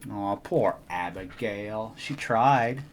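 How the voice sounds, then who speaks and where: A young adult man reading a children's storybook aloud in an expressive, animated way. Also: lowish voice, slow pace, slight background noise. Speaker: storybook reader.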